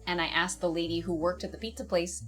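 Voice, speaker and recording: A woman's voice: lowish voice, steady tone, fast, a bit bright, faint music behind. A woman casually telling an awkward personal story, rambling and often laughing at herself.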